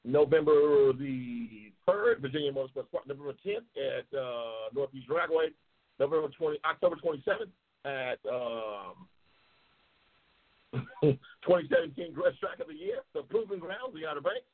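Fired-up, foul-mouthed male show host from New York City, husky voice, heard through a thin phone-quality line. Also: on the high side, big pitch swings, moderate pace. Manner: loud, emphatic, heavily profane, passionate. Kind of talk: profane live show talk, reading viewer comments. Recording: tinny phone-like audio.

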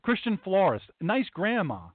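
A man's voice: high-pitched, wildly swooping pitch, measured pace, dry recording. A middle-aged man, a pastor hosting a talk show, gives an opinionated monologue. He talks emphatically and repeats lines for punch. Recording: tinny, dry phone-like sound.

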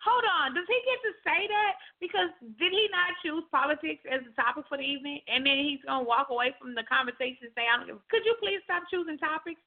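A woman's voice: sits high, quick pace, hardly any pauses. A woman hosting a casual podcast chat, talking in a blunt, incredulous, teasing way. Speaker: show host. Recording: tinny phone-like sound.

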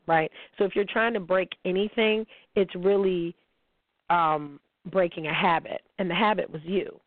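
A woman hosts a casual spiritual talk, blunt and emphatic and quick to swear, speaking straight to her listeners as y'all. Her voice comes through a narrow, tinny, phone-like line with a bone-dry sound. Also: lowish voice, dry recording. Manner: addresses listeners directly as y'all. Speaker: host.

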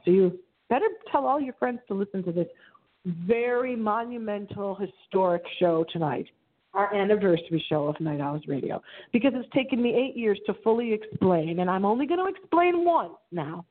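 A middle-aged woman hosting her internet radio show alone, talking in a theatrical, dramatic way with big swings in pitch. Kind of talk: solo radio show monologue. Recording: phone-line audio.

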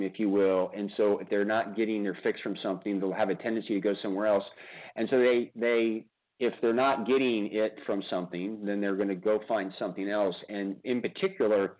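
A man hosting a radio interview show, talking casually and animatedly, with lots of restarts and repeated words. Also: on the low side. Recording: tinny phone-like line.

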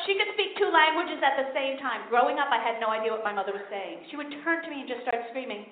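A middle-aged woman works through a stand-up set, high-pitched and brassy, landing punchlines with sudden loud bursts. The recording is thin and tinny, with a roomy echo and steady noise behind her. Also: fast talker, hardly any pauses. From New York City. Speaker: stand-up comedian. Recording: tinny lo-fi recording in an echoey room.

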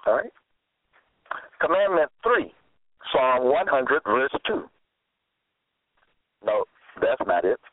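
Slow, lively man preaching over a tinny line. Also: medium pitch, no room sound. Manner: exhorting, repeating phrases, scolding the listeners. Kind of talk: sermon. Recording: tinny phone-like, dry sound.

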